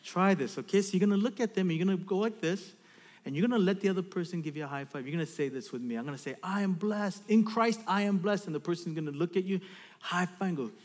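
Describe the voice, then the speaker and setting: A man's voice: sits high, rapid-fire, big-room sound. A man preaching a sermon in a church, reading scripture and then leading the congregation in an interactive exercise. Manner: animated preaching with direct audience instructions. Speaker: pastor. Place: church sanctuary.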